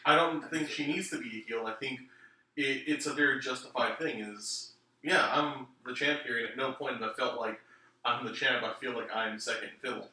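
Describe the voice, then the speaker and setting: A man's voice: medium pitch, moderate pace, bright, forceful tone. A man co-hosting a casual podcast chat, laid-back and casually swearing. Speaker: podcast co-host. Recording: roomy room, distant mic, faint noise.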